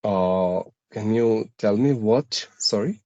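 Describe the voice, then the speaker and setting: A man with a mixed Indian, American and British English accent, speaking in a measured, explanatory way with frequent pauses and restarts in a casual conversation. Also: on the low side, warm tone, dry recording, muffled recording.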